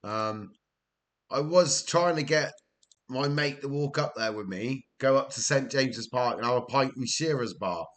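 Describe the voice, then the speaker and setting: Speaking a little slowly in a slightly bright, mid-range voice, a Welsh gaming streamer keeps up casual live-stream chatter while managing a football team in-game. He tells stories, laughs frequently, and replies to his chat.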